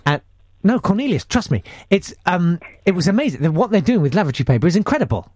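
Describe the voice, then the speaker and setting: A man's voice: high voice, very animated, fast talker, a little mellow, dry recording, clean studio sound. A man hosting a casual radio chat, joking and rambling with lots of restarts. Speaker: radio host.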